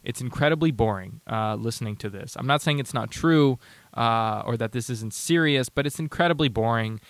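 A man's voice: mid-range voice, moderate pace, no echo. A man hosting a casual talk show, sarcastic and rambling, with many restarts. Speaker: podcast host. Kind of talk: casual commentary.

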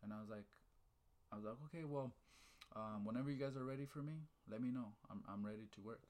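In casual chat, a man with a lowish voice and a quick pace tells a story with real energy, fired up and animated. He keeps asking "right?" and "okay?", swears casually, and talks about faith.

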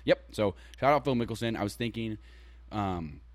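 A young man co-hosting a casual podcast, joking and laughing, sometimes breaking into loud chants. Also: lowish voice, animated, normal speed, dry recording. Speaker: podcast co-host. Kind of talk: casual chat.

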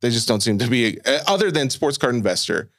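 A man's voice: medium pitch, sing-song, fairly quick, fairly bright tone. A man in his thirties co-hosting a podcast, teasing and laughing easily in casual chat. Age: 30s. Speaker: podcast co-host.

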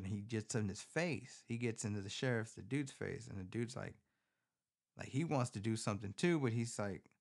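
A man's voice: on the low side, moderate pace, creaky. Profane, rambling man recapping a movie. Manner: profane, rambling, animated storytelling. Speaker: podcast host. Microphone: phone.

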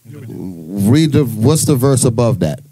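A man's voice: medium pitch, sing-song, takes it slowly, dark tone, breathy edge, no echo. A man leading a bible study, stopping readers and quizzing the group. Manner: quizzing, commanding. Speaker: church leader.

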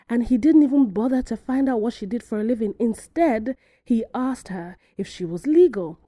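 A woman from Africa hosting her own podcast, telling a story in a lively way and acting out the voices of the people in it. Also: mid-range voice, no room sound. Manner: animated storytelling, acts out quoted voices. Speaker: podcast host. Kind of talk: solo podcast monologue.

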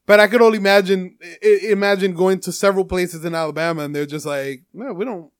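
Young New guy, high voice, animated storyteller, dry close mic, casual swearing. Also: fast, clean tone, dry recording. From North Jersey. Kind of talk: casual chat.

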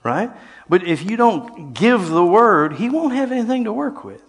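An older man preaching a sermon, telling stories and swinging between quiet passages and loud, shouted lines. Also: high voice, very animated, moderate pace, husky. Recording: long hall reverb.

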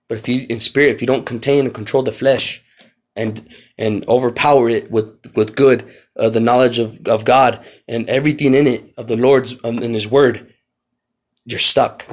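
Male podcast preacher, mid-pitched, impassioned, repeats lines for emphasis. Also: fairly even intonation, normal speed. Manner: impassioned, rising to near shouts when reading scripture. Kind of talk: podcast sermon.

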